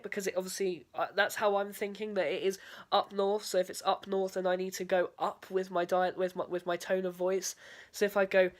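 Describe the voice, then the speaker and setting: A young woman studying drama records a spoken video diary in a mid-range voice. She talks hesitantly, full of fillers and "sort of".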